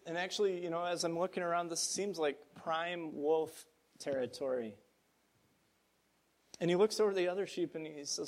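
A middle-aged man delivers a sermon from the pulpit. He tells a parable in an earnest, gently emphatic way, his voice pitched a little above the usual for a man. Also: steady tone, normal speed. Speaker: pastor.

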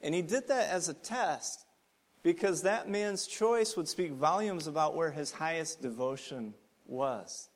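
Earnest preacher man, slightly high voice. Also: measured pace. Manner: earnest, builds to emphatic points then drops soft. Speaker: pastor. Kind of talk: sermon.

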